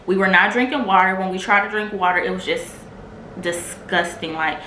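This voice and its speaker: A woman's voice: mid-range voice, normal speed, sharp tone. A woman vlogger candidly telling a personal testimony in a casual, filler-heavy way. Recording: echoey room with faint noise.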